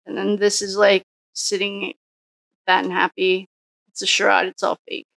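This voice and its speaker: Woman tarot reader, gravelly fry, dry close sound, rambling think-aloud delivery. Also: medium pitch, completely flat delivery, moderate pace, fairly bright tone, no echo. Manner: musing, thinks aloud with frequent restarts. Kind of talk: casual solo tarot reading.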